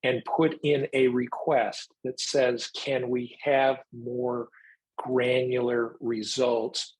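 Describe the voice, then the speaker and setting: A man giving a technical presentation, explaining new software features in a measured way and taking questions. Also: mid-range voice, little pitch movement, husky, poor audio.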